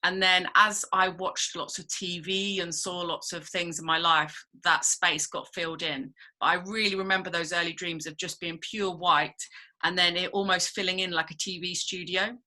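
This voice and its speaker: Woman running a dream workshop, chatty n rambly, lowish voice but really bright. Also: flat delivery, moderate pace. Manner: chatty, rambling, many fillers. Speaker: workshop leader. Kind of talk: casual workshop talk.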